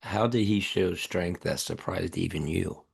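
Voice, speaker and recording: Podcast host. Very deep, raspy, and gravelly, asks slow, gentle questions.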